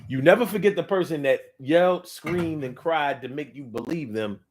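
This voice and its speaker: Man with a fairly high voice, riffing comically. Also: normal speed, a little hiss or hum. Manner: animated, slangy, repetitive storytelling. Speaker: comedic commentator. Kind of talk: casual comedic monologue.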